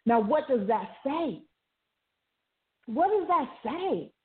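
A woman's voice: sits high, big pitch swings, takes it slowly. A woman hosting a talk radio show, speaking earnestly and conversationally with frequent fillers. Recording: phone-like narrow sound.

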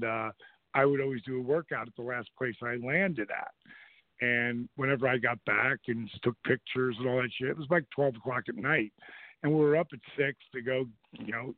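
A middle-aged man tells stories in a loose, animated way and slips into voices for the people he quotes. His voice sits at an average pitch. The sound is dry, thin and phone-like. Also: no echo. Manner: animated anecdote-telling, acts out voices in quotes. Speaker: show host. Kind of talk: casual storytelling on a radio show.

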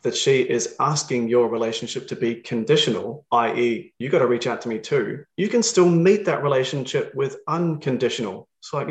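A man hosting a conversation, speaking thoughtfully and in a measured way. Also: mid-range voice, roomy sound, low-quality recording. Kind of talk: casual conversational chat.

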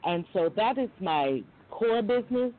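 A middle-aged woman from Long Island talks as a guest on a chat show. She is candid and animated and slips into high voices when she quotes people. Her pitch swings wide, and the audio is tinny, like a phone call. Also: unhurried. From Long Island, New York. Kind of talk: casual interview storytelling.

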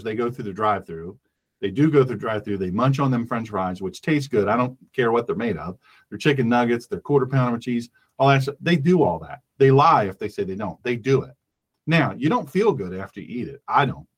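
A man's voice: medium pitch, animated, fairly quick. A man hosting a radio call-in show, ranting emphatically and repeating his points. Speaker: talk radio host. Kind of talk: opinionated radio monologue.

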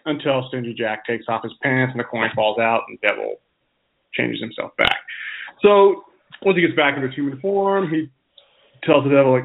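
A man co-hosting a podcast, telling a folk tale in a relaxed, chatty way with frequent restarts. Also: medium pitch, moderate pace, gravelly. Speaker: podcast co-host. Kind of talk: casual storytelling chat. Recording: phone-like narrow sound.

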